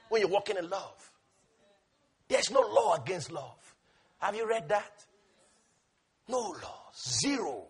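A man preaching a sermon with fervor, swinging from shouted peaks to hushed asides and laughing as he goes. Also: high-pitched, big pitch swings, takes it slowly, creaky, long pauses, slightly rough.

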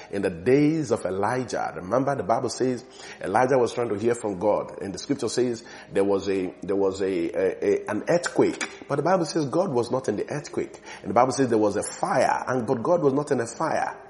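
A man preaching a sermon with fervent emphasis, slowing down and stretching the words he wants to land. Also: lowish voice, lively intonation, a little mellow.

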